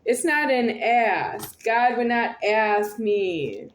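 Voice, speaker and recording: A woman with a slightly high voice delivers a rambling monologue to camera. She repeats words and circles back insistently, and her voice rings in a roomy space. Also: animated, extremely slow, a little hiss or hum. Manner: repetitive, circling, insistent phrasing. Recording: roomy echo.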